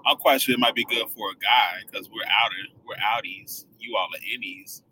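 A man co-hosting a casual podcast chat with his wife, teasing and animated. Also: lowish voice, normal speed, breathy edge, rough recording. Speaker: podcast co-host.

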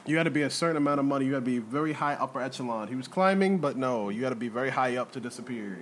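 A man's voice: mid-range voice, rapid-fire, slight background noise. A man co-hosting a podcast in casual chat, joking and swearing freely. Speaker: podcast co-host. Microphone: podcast mic.

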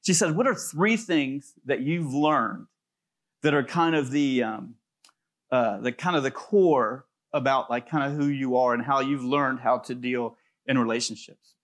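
A pastor preaching a sermon in a loose, conversational way, telling stories with plenty of fillers. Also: male voice, mid-range voice, unhurried. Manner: conversational storytelling with many fillers.

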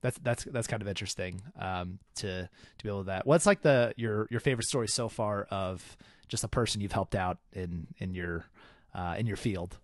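Young man, low voice, dry close recording, halting podcast co-host. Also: dry recording. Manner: rambling, halting, many restarts. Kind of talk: casual podcast chat.

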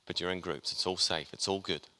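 A man's voice: deep voice, fairly even intonation, fairly quick, sharp tone. A man preaching a sermon, chatty and joking with his congregation as he talks. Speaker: pastor. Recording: long hall reverb.

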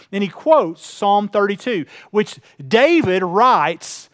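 A man preaching a sermon, telling a personal story earnestly, dropping to hushed tones and then building in intensity. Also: high-pitched, big pitch swings, slow pace, no echo, studio quality. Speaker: pastor.

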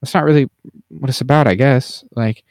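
A man's voice: medium pitch, fairly quick, darkish tone, dry recording, studio quality. A man co-hosting a podcast, musing about a film in a meandering, hedging way, thinking aloud as he goes. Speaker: podcast co-host. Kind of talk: casual movie discussion.

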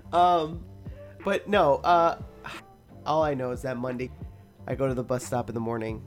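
A woman's voice: low voice, unhurried, pauses often, faint music behind. A young woman hosting a podcast, telling a story casually with lots of swearing and laughter. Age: young adult. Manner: animated, swears a lot, laughs often. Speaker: podcast host.

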